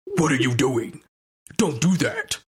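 A man's voice: medium pitch, lively intonation, takes it slowly, husky, full character voice. A man mocking a snarling alien symbiote antihero in an exaggerated impression.

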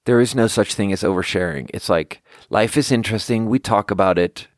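A man's voice: lowish voice, brisk, no echo, studio quality. A man hosting his own podcast solo, rambling casually and self-deprecatingly, often breaking into laughter. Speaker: podcast host.

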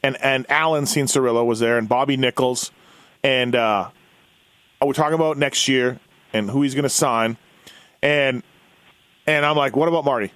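A man's voice: medium pitch, normal speed, pauses often, a bit bright, no echo. A man co-hosting a casual motorsports podcast, telling a long rambling story and acting out what people said. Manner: rambling storyteller, acts out quotes. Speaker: podcast co-host. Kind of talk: casual chat.

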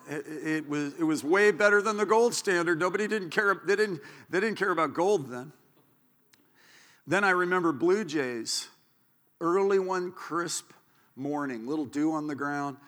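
A man preaching a sermon as pastor, telling stories with joking asides. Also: on the high side. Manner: animated storytelling, joking asides. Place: church sanctuary. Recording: church hall reverb.

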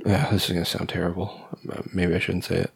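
A man co-hosting a podcast, chatting casually about a film, blunt and quick to swear, often trailing off and restarting. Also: low-pitched, little pitch movement, gravelly, husky. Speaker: podcast co-host. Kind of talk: casual movie review chat.

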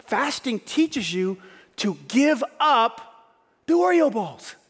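A man's voice: extremely high pitch, sing-song, slow pace, slightly rough. A male pastor preaching a sermon, firing rhetorical questions at his congregation. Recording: long hall reverb.

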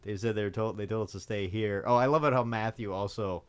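A man's voice: on the low side, fast, smooth. Easygoing male podcast co-host. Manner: relaxed, stumbles and restarts, quotes lines. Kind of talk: casual chat recapping a TV episode.

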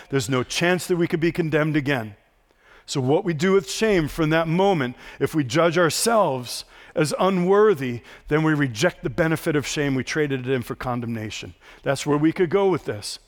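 Middle-aged male pastor, earnest sermon delivery, slightly higher voice, questions for the room. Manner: earnest preaching to a congregation, asks the room questions.

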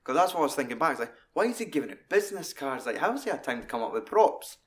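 A man's voice: fairly high pitch, big pitch swings, very fast. A man, co-hosting a casual film discussion, rambling and swearing a lot. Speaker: podcast co-host.

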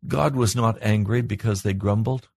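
A man preaching as a pastor, earnest, his voice climbing higher and louder when he presses a point. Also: steady tone, normal speed, creaky, dry recording. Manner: earnest, rises in pitch and volume when stressing a point. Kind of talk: sermon.

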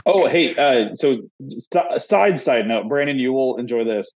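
A man's voice: medium pitch, expressive, measured pace, muffled recording, slight background noise. A man co-hosting a casual podcast, a baseball coach telling jokey stories about his drills. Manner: joking storyteller. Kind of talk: casual chat.

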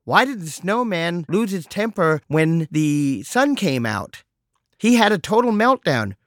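A chirpy, sing-song phone voice assistant that delivers corny jokes with relentless cheer, put on by a man. The voice sits well above his own speaking pitch. The sound is close and dry, with no room around it. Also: sing-song, unhurried, a bit bright, no echo, heavily acted.

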